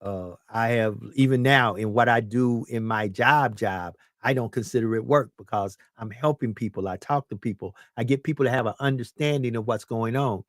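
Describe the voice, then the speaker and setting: A man's voice: medium pitch, moderate pace, hardly any pauses, no echo. Man in his fifties, podcast host, emphatic and preachy, repeats himself, dry close sound. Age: 50s. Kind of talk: casual chat.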